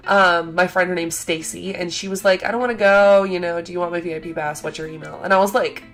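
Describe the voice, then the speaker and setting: A young woman telling a convention story in a casual vlog, chatty and excitable, full of fillers and acted-out quotes. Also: fairly low pitch, quick pace. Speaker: vlogger.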